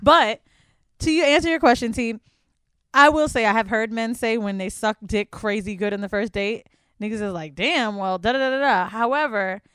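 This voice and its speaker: A woman co-hosting a podcast in casual chat, blunt, crude and animated. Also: on the high side, moderate pace, clear, resonant tone, no echo, clean studio sound. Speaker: podcast co-host.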